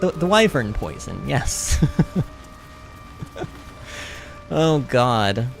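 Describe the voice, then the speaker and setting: Chatty male streamer with a lively voice. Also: medium pitch, extremely slow, creaky, soft background music. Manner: chatty, laughs often, reads chat aloud. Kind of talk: casual gaming commentary.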